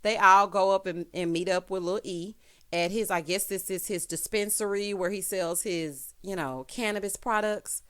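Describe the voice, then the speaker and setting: Brief: woman vlogger, casual reality TV recap, sassy and animated, medium pitch. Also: moderate pace, clean tone. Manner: sassy, animated, with frequent exclamations.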